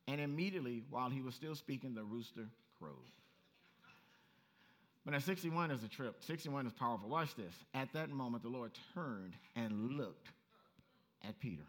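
Animated, bright-voiced male preacher. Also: mid-range voice, moderate pace. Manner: animated storytelling, acts out voices, laughs. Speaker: pastor. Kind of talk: sermon.

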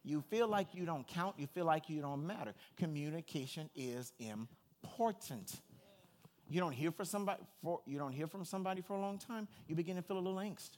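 A male pastor preaching a sermon, animated and talking straight to his congregation. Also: fairly high pitch, fairly quick. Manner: animated, addresses the congregation directly.

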